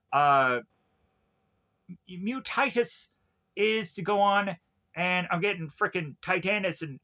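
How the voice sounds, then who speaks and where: A man's voice: high voice, bright, forceful tone. A young man casually recapping TV episodes, rambling with many fillers and frequent chuckles. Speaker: TV show reviewer.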